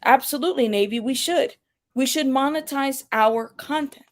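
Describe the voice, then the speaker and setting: A woman's voice: high-pitched, normal speed. Blunt, profane woman commentator. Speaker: commentary channel host. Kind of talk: casual commentary.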